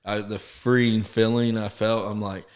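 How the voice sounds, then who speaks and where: A man, a podcast guest telling his story in an earnest, halting way, often restarting and acting out quotes. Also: on the low side, little pitch movement. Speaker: podcast guest, sober living founder. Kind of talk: casual storytelling interview.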